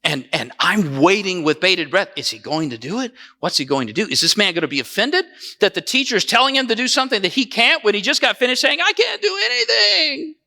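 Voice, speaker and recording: A male pastor delivering a dramatized first-person sermon, telling the story dramatically and swinging between lively and hushed passages. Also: high-pitched, fast talker. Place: church sanctuary. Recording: echoey church hall.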